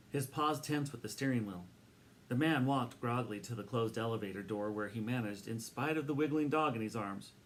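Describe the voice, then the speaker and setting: A man narrating a children's book aloud in a steady, expressive reading voice. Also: mid-range voice, gravelly, slight background noise.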